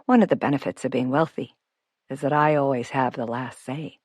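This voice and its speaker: A woman voicing a friendly, teasing, self-made wealthy Irish man in an audiobook, speaking softly. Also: a bass voice, fairly even intonation, fairly quick, dry recording. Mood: wry. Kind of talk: audiobook character voice.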